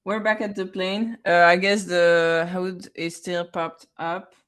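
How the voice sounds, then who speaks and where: Halting woman tabletop player. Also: lowish voice, little pitch movement, a bit bright, smooth. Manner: hesitant, halting. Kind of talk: tabletop game play.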